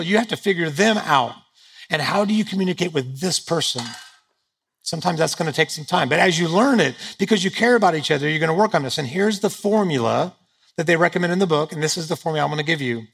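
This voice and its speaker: Gravelly, husky male preacher. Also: sits high, fast talker, fairly bright tone. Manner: humorous, conversational, self-deprecating. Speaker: pastor. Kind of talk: sermon. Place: stage before a live audience.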